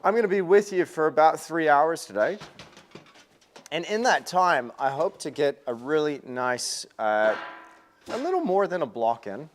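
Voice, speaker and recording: A man's voice: on the high side, very animated, measured pace, slight background noise. A man hosting a casual painting livestream, chatty and upbeat, often repeating words, with a self-deprecating manner.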